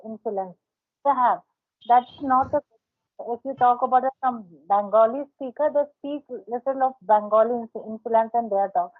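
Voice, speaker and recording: Over an online call, a woman with a fairly high voice coaches a learner, often repeating words as she works out how they should be pronounced. She's an English speaking coach hosting a casual practice conversation, and the sound is thin and tinny, like a phone line.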